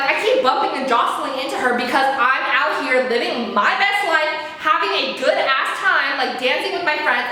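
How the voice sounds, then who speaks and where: A young adult woman telling a story in a casual, fast, frantic rant, repeating herself and swearing. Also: high-pitched, bright, forceful tone, a little hiss or hum. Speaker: vlogger. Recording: very echoey room.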